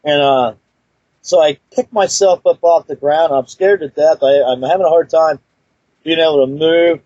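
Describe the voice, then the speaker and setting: A man's voice: a little high, normal speed, dark tone, no echo. A man telling a personal story in a casual, rambling way, with many fillers and restarts. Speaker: guest storyteller. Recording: dull lo-fi recording, dry.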